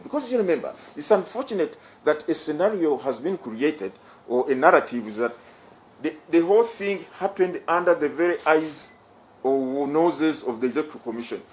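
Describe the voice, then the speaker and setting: Speaking in a mid-range voice, a middle-aged man with a Ugandan English accent gives an emphatic, formal press conference statement as head of an electoral commission, restating his main points. The audio is rough and carries a bit of background noise.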